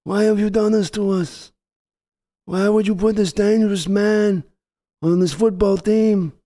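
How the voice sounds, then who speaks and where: A grave old mob boss speaking in slow, heavy, drawn-out pleas, as a man puts him on. The tone is dark and mellow, yet pitched fairly high. Older man, solemn and unhurried. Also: fairly even intonation. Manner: slow, heavy, pleading delivery.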